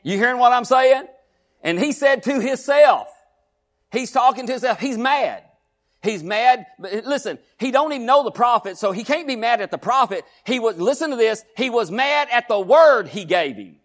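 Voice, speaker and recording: A pastor preaching a sermon, drawing the congregation in with repeated asides and questions. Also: male voice, very high-pitched, expressive, normal speed. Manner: preaching with call-and-response asides, repeated "huh?" and "listen".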